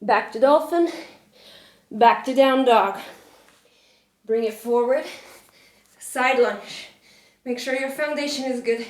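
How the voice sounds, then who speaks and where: High, unhurried female yoga teacher, winded from doing the flow, encouraging; echoey room. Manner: encouraging, breathy cues with light laughter. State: out of breath. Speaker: yoga instructor. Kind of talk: cueing a yoga workout while doing it.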